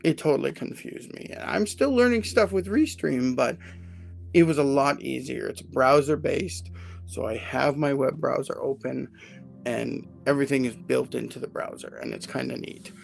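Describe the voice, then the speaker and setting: A man's voice: mid-range voice, normal speed, gravelly, soft background music. A man in his forties hosting a casual live stream from home, rambling and joking at his own expense. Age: 40s. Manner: rambling, self-deprecating and joking. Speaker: livestream host, HR consultant.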